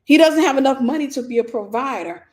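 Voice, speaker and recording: Animated woman preaching. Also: sits high, brisk. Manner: animated preaching with quoted voices and repetition. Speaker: pastor and teacher. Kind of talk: livestreamed sermon.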